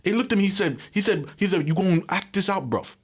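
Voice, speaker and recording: A man's voice: high-pitched, animated, fast, husky, pitched above the performer's own voice. An American man doing an exasperated young British man with a put-on London accent, ranting and repeating slang tags.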